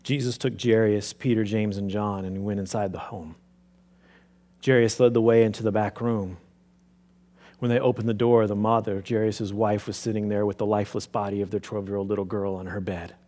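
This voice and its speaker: A man's voice: on the low side, flat delivery, normal speed. Man telling a dramatic sermon story. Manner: theatrical, swings from hushed to loud. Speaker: preacher. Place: church sanctuary.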